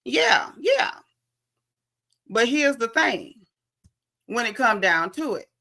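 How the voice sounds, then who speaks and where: A sassy Southern woman dishes celebrity gossip in a bright, forceful voice that sits a little high. She is blunt and talks straight to her viewers like they are friends. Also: expressive, a little slow. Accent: Southern American. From American South. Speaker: host. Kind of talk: casual gossip commentary.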